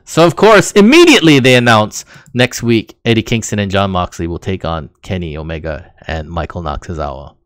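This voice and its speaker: A man's voice: lowish voice, expressive, a little fast, hardly any pauses, fairly bright tone, smooth, no echo. A man co-hosting a casual wrestling recap podcast, rambling and laughing as he retells the action. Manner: rambling, laughs while recounting. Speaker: podcast co-host.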